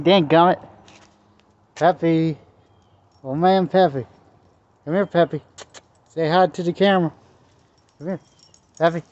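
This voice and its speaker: A man's voice: fairly high pitch, normal speed, pauses often, darkish tone. A man filming his dogs outdoors at home, calling and coaxing them in a casual, sweet way on a handheld camera. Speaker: dog owner filming his pets. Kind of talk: casual home video talk to pets. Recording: dull lo-fi camera audio with faint noise.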